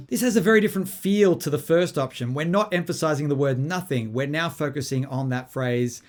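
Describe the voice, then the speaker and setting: A man giving a songwriting lesson, explaining clearly and methodically while playing guitar. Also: fairly high pitch, lively intonation, a little fast, hardly any pauses. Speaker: songwriting teacher. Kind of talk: instructional lesson with guitar demonstrations. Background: his own guitar playing.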